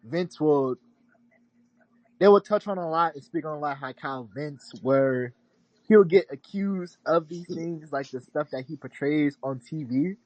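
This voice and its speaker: A man co-hosting a podcast in expressive casual chat, mockingly quoting others. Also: a little high, measured pace, dry recording, rough recording. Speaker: podcast co-host.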